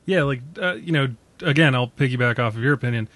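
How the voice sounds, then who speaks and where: A man's voice: mid-range voice, fast talker, a bit bright, dry recording. A young man co-hosting a film podcast in casual chat, enthusiastic and laughing often.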